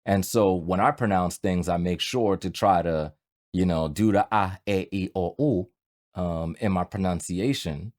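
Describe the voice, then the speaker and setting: A man with a New York accent ranting to camera about voiceover from his home studio, emphatic and conversational with animated bursts. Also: low voice, normal speed. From New York, USA. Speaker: voiceover artist and YouTuber. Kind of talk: direct-to-camera opinion rant.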